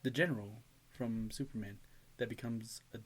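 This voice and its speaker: A man's voice: mid-range voice, steady tone, moderate pace, husky. A young man co-hosting a casual podcast chat, telling stories animatedly, laughing often and swearing freely. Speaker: podcast co-host.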